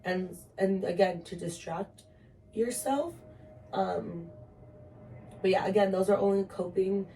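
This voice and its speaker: A young woman co-hosts a podcast in a relaxed, frank chat, peppering her talk with fillers and the odd curse. Her voice is mellow and dark-toned. She sits a little back from the mic in a bedroom. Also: mid-range voice, slow pace, pauses often, far from the mic, slight background noise. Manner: frank, uses swearing and filler words. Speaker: podcast co-host. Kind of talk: casual chat. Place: bedroom with tripod. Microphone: camera on tripod.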